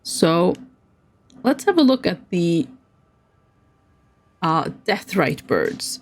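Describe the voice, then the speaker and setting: A woman game streamer talking through her play in a chatty, self-deprecating way. Her pitch rises and falls a lot. She speaks at an unhurried pace. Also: big pitch swings, slight background noise. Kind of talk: casual gameplay commentary.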